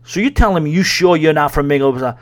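A man imitating a nosy, pushy male gambler who needles him with insistent questions, at a slightly raised pitch. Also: lively intonation, brisk, close to an everyday voice. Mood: needling.

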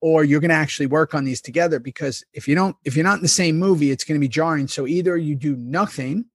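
A man co-hosting a casual podcast, telling quick, chatty stories. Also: fairly high pitch, breathy edge. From Staten Island. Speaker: podcast co-host. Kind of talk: casual rewatch chat.

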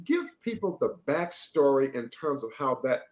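A man's voice: mid-range voice, sing-song, moderate pace, a little mellow. A man hosting an interview podcast, chatting casually and encouraging his guest. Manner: encouraging, short affirmations. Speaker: podcast host.

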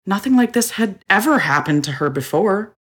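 A woman narrating a story in a measured, expressive reading. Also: medium pitch, husky.

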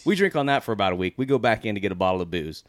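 A man's voice: lowish voice, very animated, very fast, no echo, clean studio sound. A man on a casual podcast telling a rambling anecdote about buying cheap beer, restarting his sentences as he goes. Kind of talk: casual chat, storytelling.

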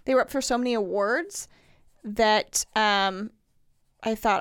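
A woman's voice: fairly high pitch, normal speed, clear, resonant tone, no room sound, studio quality. A woman co-hosting a casual chat, enthusiastic and gushing, swearing casually.

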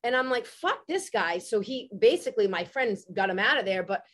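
A woman podcast host telling a story in a casual chat, animated and swearing freely. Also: mid-range voice, fairly quick.

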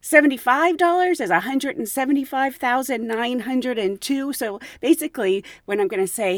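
A woman podcast host and flight attendant telling stories in a casual, animated way, laughing often. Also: fairly high pitch, fairly quick, hardly any pauses, dry recording, clean studio sound. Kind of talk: casual storytelling.

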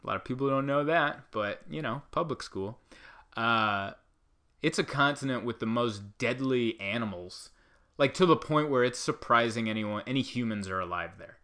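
A man's voice: mid-range voice, normal speed. Rambling comic man riffing. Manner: rambling, animated, riffing with asides. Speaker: comedian. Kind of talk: comedic monologue.

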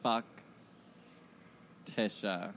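A man's voice: fairly low pitch, fairly even intonation, extremely slow, fairly bright tone, a little hiss or hum. A man in casual podcast chat, playful and teasing, laughing often.

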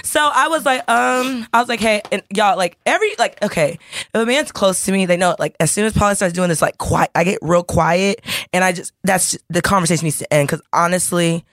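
Woman podcast host, chatty storyteller, mid pitch, dry close mic. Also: brisk, no room sound. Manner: animated storyteller, acts out quoted dialogue. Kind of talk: casual chat, storytelling.

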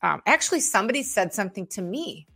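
A woman's voice: medium pitch, sing-song, fast, vocal fry, bright, forceful tone, slightly rough. A woman hosting a casual chat, telling rambling anecdotes with a bit of swearing. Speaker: host.

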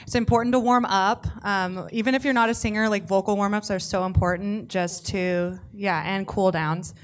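A woman speaks as a voice actor on a convention panel, in a mid-pitched voice. She answers in a relaxed, chatty way, scattering "like" through her sentences. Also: moderate pace. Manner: chatty, peppered with "like" fillers.

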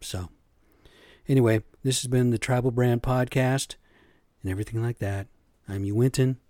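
A man's voice: mid-range voice, fairly even intonation, moderate pace, warm tone, no room sound, clean studio sound. A middle-aged man hosting his own podcast, ranting casually and telling a work story full of profanity and asides like "right?" and "man.". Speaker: podcast host.

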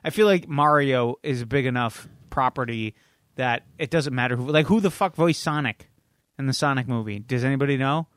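A man's voice: mid-range voice, fairly quick, a bit bright, no room sound. A man co-hosting a podcast, chatty and joking as he gives his opinions. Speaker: podcast co-host. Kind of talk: casual chat.

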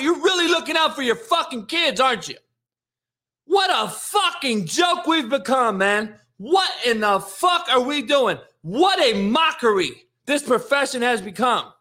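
Shrill, furious man ranting. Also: lively intonation, a little slow. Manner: angry, yelling, heavy swearing. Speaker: host of a daily rant show. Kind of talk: profane sports rant.

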